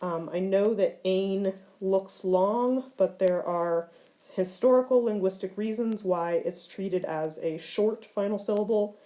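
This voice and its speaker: Woman calmly explaining grammar in a mellow voice. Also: medium pitch, unhurried, poor audio. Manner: clear, methodical explaining with occasional fillers. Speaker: Greek teacher. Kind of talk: recorded grammar lecture.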